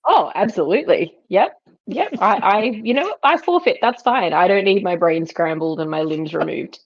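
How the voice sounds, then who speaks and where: A woman's voice: mid-range voice, expressive, normal speed, breathy edge. A woman reacting emphatically in a casual podcast chat about a book. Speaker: podcast co-host. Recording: dull lo-fi sound.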